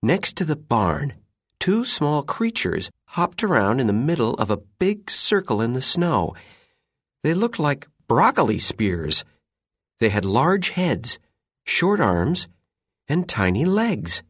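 A man narrating a children's story in an unhurried, expressive reading. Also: mid-range voice, slightly rough, no room sound, clean studio sound.

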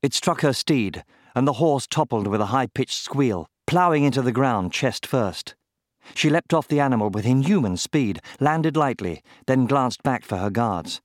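Reading a fantasy audiobook, a medium-pitched male narrator keeps a measured, even pace. The sound is dry and of studio quality.

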